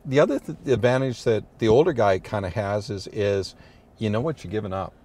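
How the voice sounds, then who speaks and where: Middle-aged priest, deep-ish voice, rambling and good-humored, road noise of a moving car behind him. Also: male voice, a little fast, darkish tone. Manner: rambling, many restarts and "you know"s, good-humored. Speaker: priest, interview guest. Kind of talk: casual storytelling chat.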